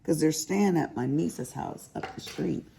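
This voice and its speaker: A woman's voice: low-pitched, a little slow, gravelly, background noise. An older grandmother chatting casually to her viewers as she crafts, rambling and laughing at her own asides. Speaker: crafting vlogger. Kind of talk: casual chat while crafting.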